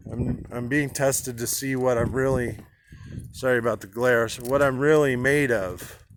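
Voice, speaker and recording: A man speaking candidly to his own camera, halting with restarts and casual swearing, in an inspirational personal monologue. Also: medium pitch, a little hiss or hum. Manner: halting, with frequent restarts and fillers.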